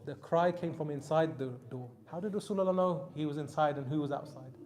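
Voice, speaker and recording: A man preaching a Muharram sermon, telling stories with emphatic peaks that drop to soft, quiet lines. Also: a little high, a little fast. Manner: storytelling, rising to emphatic peaks then dropping soft. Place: mosque hall.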